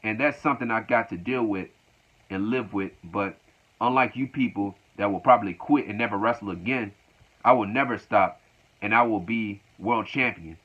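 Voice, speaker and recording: A man's voice: fairly low pitch, normal speed, fairly bright tone. A man voicing a proud, defiant male wrestler who boasts to a crowd, in a dull lo-fi recording.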